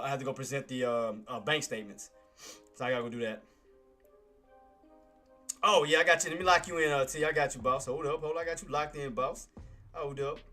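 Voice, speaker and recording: A man's voice: medium pitch, fairly bright tone. Laid-back slangy male trading streamer. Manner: laid-back, slangy, calls listeners boss and man. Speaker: day-trading livestream host. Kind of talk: casual live market commentary.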